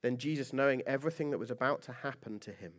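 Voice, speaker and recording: A man's voice: mid-range voice, fast. A man preaching a sermon as pastor, conversational and joking, with lots of rhetorical questions.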